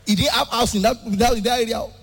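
A young Nigerian man from Ibadan works a live crowd, his high voice jumping from shouted outrage to playful sing-song. His Nigerian accent rings through a hall with a long echo, and faint music sits under his act. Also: racing. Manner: animated, switches between shouting and sing-song delivery. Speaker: stand-up comedian. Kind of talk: stand-up comedy.

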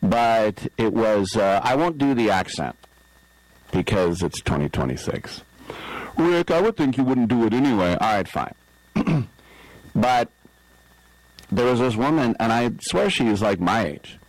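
A man's voice: on the low side, very animated, measured pace, long pauses, no echo, poor audio. A middle-aged man hosting sports talk radio, telling a rambling story and acting out the people in it. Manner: rambling storyteller, acts out quoted voices. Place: radio studio. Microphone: studio microphone.

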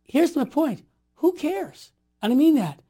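A man in his sixties telling stories in a conversation, emphatic and animated, sometimes building to forceful outbursts. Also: very high-pitched, unhurried. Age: 60s. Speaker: interview guest. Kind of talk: storytelling conversation.

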